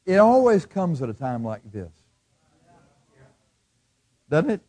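A middle-aged man preaching a sermon, swinging between loud bursts and hushed asides and acting out the voices of his listeners. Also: fairly high pitch, sing-song, slow pace. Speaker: pastor.

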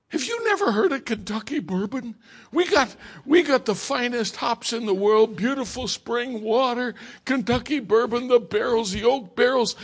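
A man's voice: very high-pitched, a bit bright, voice pushed up, heavily acted. A man voicing a pushy small-town church deacon who talks in an insistent, folksy way.

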